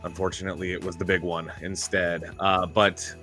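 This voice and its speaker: A man's voice: deep voice, flat delivery, moderate pace, sharp tone. Chatty male stream host, sick voice. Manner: chatty, greets viewers by name. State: sick, slightly hoarse. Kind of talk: casual live stream chat. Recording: faint music in background.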